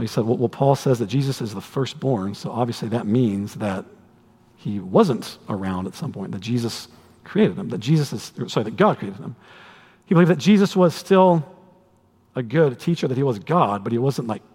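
A man preaching a sermon to a congregation, conversational and animated, with humorous asides. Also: fairly high pitch, slightly rough. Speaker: pastor. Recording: long hall reverb.

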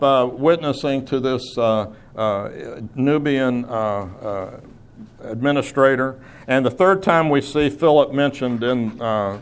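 A middle-aged man teaching a Bible class in a classroom, talking conversationally with fillers and restarts. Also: medium pitch.

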